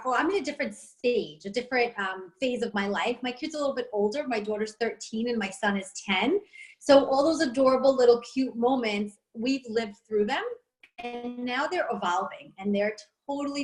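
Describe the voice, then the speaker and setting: Chatty New York woman, higher voice. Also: low-quality recording. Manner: animated and chatty, acts out others' words. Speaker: network marketing presenter. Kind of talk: casual testimonial talk.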